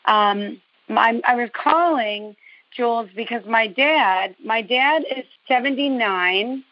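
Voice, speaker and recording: A woman from New Jersey calls in to a show and tells a long story, rambling through the details with a dash of sarcasm. Her voice is fairly high and slow, and the phone audio is dull, dry and lo-fi.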